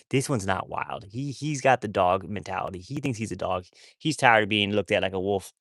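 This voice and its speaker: A man's voice: on the low side, brisk, a bit bright, no room sound, studio quality. A man chatting casually on a phone livestream about his wolfdogs. He rambles, repeats himself and talks to viewers as y'all.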